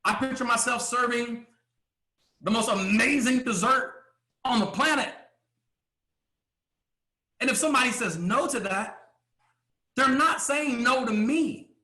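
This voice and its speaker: A man's voice: extremely high pitch, pushed and bright. Emphatic male motivational speaker, echoey room. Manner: emphatic, with rhetorical questions and pauses. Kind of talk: motivational speech to a live audience.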